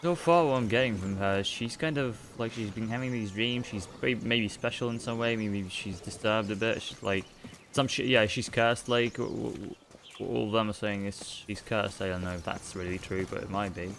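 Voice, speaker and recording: A man's voice: fairly low pitch, normal speed, fairly bright tone, slight background noise. Offhand, rambling male game streamer. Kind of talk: casual gameplay commentary. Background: game music.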